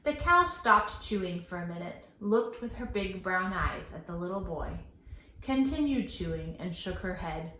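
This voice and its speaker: Slow, expressive woman reading to children. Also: lowish voice, echoey room, a little hiss or hum. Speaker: librarian storyteller.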